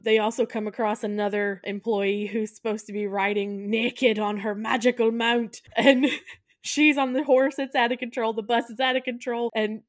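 A woman's voice: a little high, fairly even intonation, moderate pace, dry recording, studio quality. A woman co-hosting a podcast, casually retelling film scenes with frequent giggles. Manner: giggly, retells scenes and slips into put-on accents. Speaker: podcast co-host. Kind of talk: casual film-recap chat.

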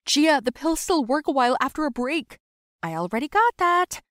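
A woman voicing a worried, bossy young friend who talks high and urgently. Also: big pitch swings, normal speed, a bit bright, no room sound, studio quality.

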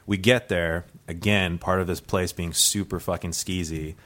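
A man with a low voice tells a true story as a guest on a comedy podcast. He rambles, piles on fillers and restarts, and keeps laughing at his own tale. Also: fairly even intonation, moderate pace, a bit bright.

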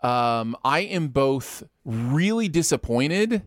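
A man's voice: mid-range voice, big pitch swings, slow, no echo, studio quality. A man hosting a casual podcast, rambling with many fillers and restarts. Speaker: podcast host.

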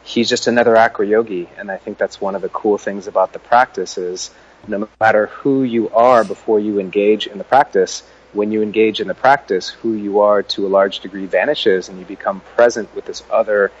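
An easygoing man speaks as a podcast guest, and he laughs readily. His voice is fairly low. It comes through a dull, lo-fi line. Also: steady tone, brisk, husky. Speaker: podcast guest, acro yoga co-founder. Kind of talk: casual interview chat.

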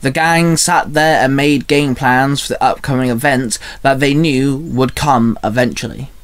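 A man reading scripted fan fiction narration in a plain, steady way. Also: mid-range voice, a little slow.

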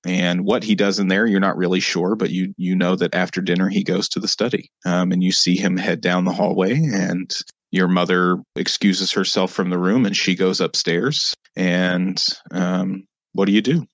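A man's voice: low-pitched, level tone, normal speed, no echo. A man narrating as game master, rambling with many fillers and repeated asides.

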